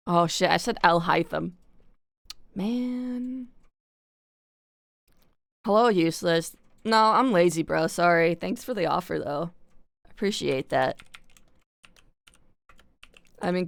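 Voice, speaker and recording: A woman's voice: lowish voice, gravelly, clean tone, no room sound, studio quality. A young woman from Canada chatting casually on a live stream, rambling with lots of fillers and casual swearing.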